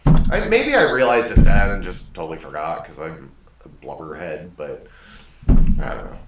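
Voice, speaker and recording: A man's voice: low-pitched, wildly swooping pitch, moderate pace, very noisy. Male show host, chatty and rambling, voice jumps around a lot, mic a bit far off. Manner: rambling, self-correcting, self-deprecating. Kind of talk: casual monologue storytelling. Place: desk in a home studio. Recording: echoey room, mic at a distance.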